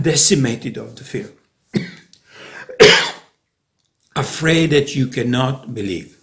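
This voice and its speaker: A man's voice: medium pitch, expressive, slow, long pauses. A man vlogging in a rambling, sarcastic monologue, full of restarts and conspiratorial asides.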